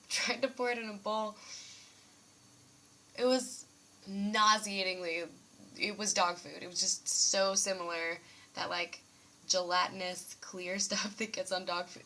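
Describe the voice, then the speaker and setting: A young woman talks to camera from her dorm room in a loose, rambling way, laughing often and joking at her own expense. Her voice is bright and forward, at a middle pitch, with a dry sarcastic streak running under it. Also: little pitch movement, a little slow, pauses often. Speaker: student vlogger. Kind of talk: casual rambling vlog.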